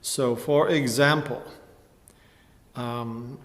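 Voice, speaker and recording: A man giving a measured, precise lecture tutorial, pausing with fillers and clearing his throat now and then. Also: mid-range voice, fairly even intonation, in a large hall. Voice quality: measured, precise explanatory delivery. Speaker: music instructor. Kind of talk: lecture tutorial with sung examples.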